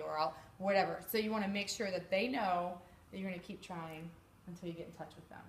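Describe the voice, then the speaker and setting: A woman giving a chatty, animated sales training talk to a live group, sometimes acting out customers' voices. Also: medium pitch, fairly quick. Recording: echoey room with background noise.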